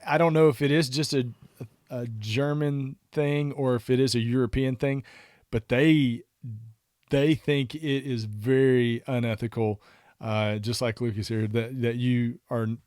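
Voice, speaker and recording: A man's voice: mid-range voice, steady tone, unhurried, a little mellow, no room sound, studio quality. A man from Texas co-hosting a podcast in casual chat, easygoing and laughing as he talks. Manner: easygoing, laughs while talking. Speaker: podcast co-host.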